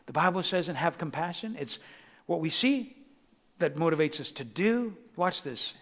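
Fervent high-voiced preacher in a reverberant hall. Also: male voice, animated, moderate pace, a bit bright. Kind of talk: sermon.

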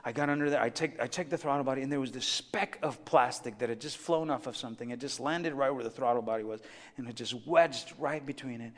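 A middle-aged man preaching a sermon as a chatty, animated story with many asides to the congregation. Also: mid-range voice, fast talker. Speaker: pastor. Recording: long hall reverb.

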